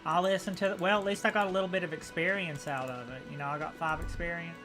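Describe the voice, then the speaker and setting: A man's voice: fairly high pitch, fairly even intonation, fast talker, bright, forceful tone, faint music behind. Goofy rambling male game streamer. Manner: goofy, rambling, laughs at himself. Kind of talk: casual let's-play commentary.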